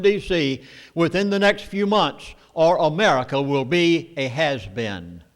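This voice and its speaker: A man with a Southern US accent lecturing an audience, emphatic and storytelling, with dramatic pauses. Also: on the high side, a bit bright. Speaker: speaker at a meeting. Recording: long hall reverb.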